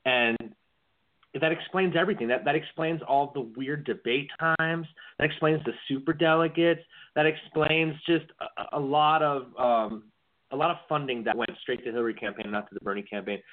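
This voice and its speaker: A man's voice: a little high, moderate pace. A man co-hosting a casual political podcast, rambling and often repeating words as he starts a sentence. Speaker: podcast co-host. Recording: tinny phone-like lo-fi audio.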